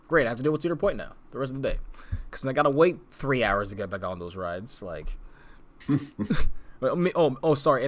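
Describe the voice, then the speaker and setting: With a mid-range, fairly bright voice, a young podcast co-host rambles through casual chat, full of fillers, restarts and laughter.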